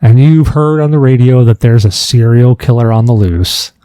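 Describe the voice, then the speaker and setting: A man hosting a casual podcast chat, telling jokey stories in an animated way. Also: medium pitch, normal speed, clear, resonant tone, no room sound, studio quality. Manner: animated, joking storyteller. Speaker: podcast host.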